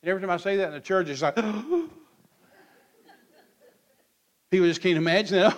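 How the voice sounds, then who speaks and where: A man's voice: high voice, lively intonation, a little slow, long pauses. A man, preaching in church in a blunt, folksy way and acting out both sides of quoted back-and-forth. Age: 60s. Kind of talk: sermon.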